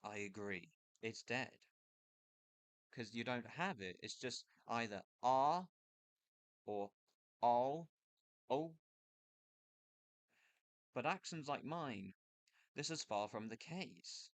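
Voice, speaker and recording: A man explains a topic in a casual, unscripted voice, pausing to think and restarting his sentences. His pitch sits in the middle range. The recording is dry and close, from a computer mic used for screen capture. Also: a bit bright, no room sound. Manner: thinking aloud, loose and hesitant, with pauses and restarts. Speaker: video creator explaining accents.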